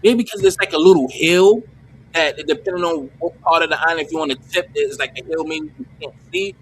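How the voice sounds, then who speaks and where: A man's voice: fairly high pitch, brisk, fairly bright tone, slight background noise. A man hosting a livestream, rambling and joking in crude, profane casual banter. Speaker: livestream host.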